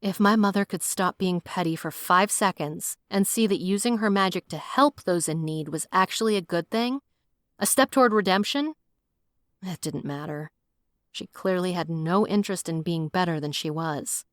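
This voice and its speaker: A woman narrating a first-person audiobook in a wry, expressive way, on a close studio mic. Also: on the low side, normal speed, no room sound.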